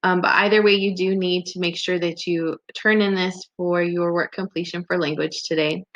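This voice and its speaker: A woman teacher explains grammar in a remote lesson, patient and steady as she reads example sentences aloud. Her voice sits a little low. The recording is dull and lo-fi. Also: normal speed.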